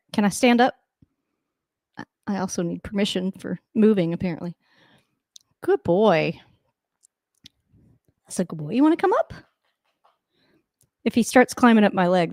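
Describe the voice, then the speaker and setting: Woman doing a chill live football reaction from home, dry close sound, jokey, baby-talks the dogs in a high voice. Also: darkish tone, no room sound. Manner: switches to a high coaxing voice when talking to her dogs; wry, joking asides. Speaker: host of a football reaction channel. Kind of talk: casual live game reaction commentary.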